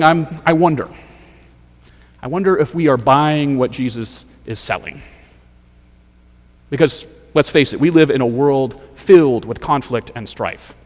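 A man preaching a sermon as pastor, measured and rhetorical, building points through repeated phrases. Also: on the high side, big-room sound.

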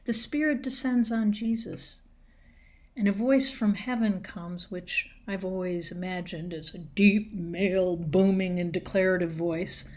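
A woman preaching a sermon at an unhurried, deliberate pace. She leans on key words with emphasis and lets dramatic pauses sit between phrases. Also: medium pitch, steady tone, a little mellow.

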